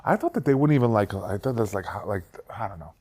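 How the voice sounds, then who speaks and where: A man co-hosting a casual chat, talking quickly and steering the conversation from topic to topic. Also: on the low side, expressive, darkish tone, husky. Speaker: podcast co-host.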